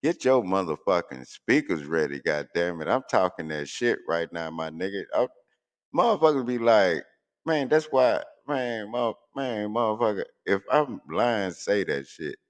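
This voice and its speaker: A man's voice: lowish voice, animated, a little slow. A man, hosting a radio show and ranting casually on air with loose, profane emphasis.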